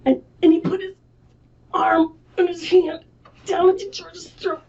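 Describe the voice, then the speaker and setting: A woman librarian reading a picture book at a children's storytime, slow and expressive, asking the children questions, on a distant, muffled mic. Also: very high voice, creaky, noisy background. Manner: animated, slow and expressive, asks the kids questions.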